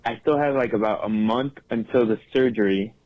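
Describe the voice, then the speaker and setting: A male caller leaves a voice message for a podcast. He talks casually in slang and sounds worried about his situation. His pitch sits in the middle range for a man. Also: a little fast, dull audio. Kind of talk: recorded voice message.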